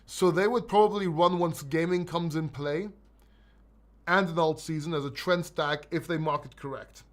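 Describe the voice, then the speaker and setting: Speaking at a moderate pace, this crypto livestream host has a high voice with a blend of London and Greek accents, having been born in London and raised in Greece. He reads viewers' chat questions and answers bluntly and emphatically, with an occasional swear word and stumbles over repeated words.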